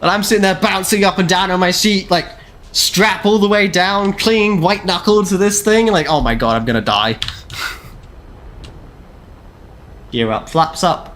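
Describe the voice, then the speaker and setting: A man's voice: sits high, takes it slowly, long pauses, fairly bright tone, a little hiss or hum. A man, chatting casually and rambling with self-deprecating jokes while streaming a game. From Canada. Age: 20s. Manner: rambling, self-deprecating, jokey, lots of "like" fillers. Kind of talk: casual gameplay live-stream chat.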